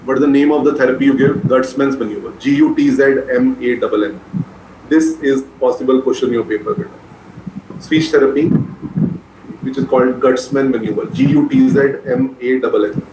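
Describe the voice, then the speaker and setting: At a normal speed and medium pitch, a man with a dark tone lectures on medicine to a class. He drills key terms for exams, repeating them so students can get them down, in a recording with roomy echo and faint noise.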